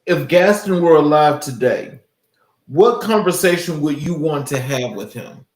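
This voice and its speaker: A man hosting an interview, asking questions in a measured, formal way. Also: a little high, lively intonation. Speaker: interview host. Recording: echoey room.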